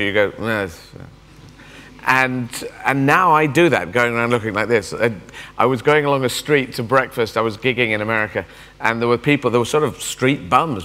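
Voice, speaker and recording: A comedian in his fifties riffs through a keynote speech, animated and self-mocking as he jumps between thoughts. His voice is bright and forceful, and a long reverb from a large conference hall hangs behind it. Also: mid-range voice. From England. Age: 50s. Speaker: guest speaker.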